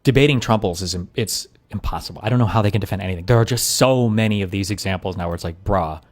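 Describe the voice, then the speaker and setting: Fast-talking lowish-voiced male streamer. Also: faint music behind. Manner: blunt, profane, thinks aloud. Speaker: streamer reacting to a debate video. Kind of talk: casual reaction commentary.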